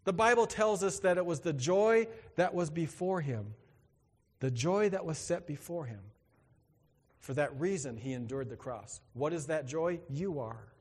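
A male pastor preaching a sermon, swinging between loud exclamations and quiet emphasis and acting out quoted voices. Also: a little high, lively intonation, unhurried, husky, big-room sound.

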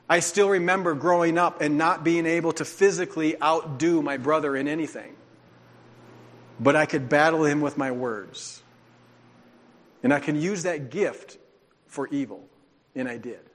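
A man's voice: fairly high pitch, unhurried, pauses often. A man preaching a sermon as a pastor, telling his own testimony in an earnest, confessional way. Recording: long hall reverb.

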